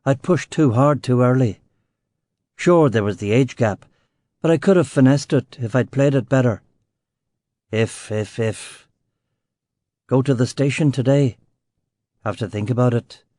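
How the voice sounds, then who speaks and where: Man, audiobook narrator, crime fiction, terse wry delivery, mellow tone, dry close sound. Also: mid-range voice, dry recording. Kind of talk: first-person crime novel narration.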